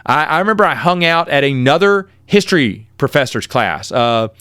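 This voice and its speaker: A man's voice: a little high, moderate pace, clear, resonant tone, no echo, studio quality. A middle-aged man telling his own college stories in a casual, rambling way, often correcting himself mid-sentence. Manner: rambling, animated, with self-corrections. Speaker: podcast host. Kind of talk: casual storytelling monologue.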